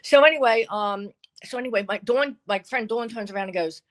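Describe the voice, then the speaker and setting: A woman's voice: fairly high pitch, animated, fairly quick, a bit bright. An older woman tells a long dating story in a chatty, casual way. She acts out the voices of the people she quotes, lifting and dropping her voice as she goes. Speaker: guest.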